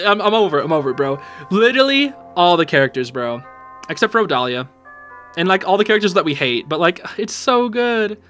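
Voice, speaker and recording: A male YouTube show reviewer with a high voice reacts casually and excitedly to a show's episode. Packed with slang, he calls the listener dude and bro, and he gets emotional, a little teary.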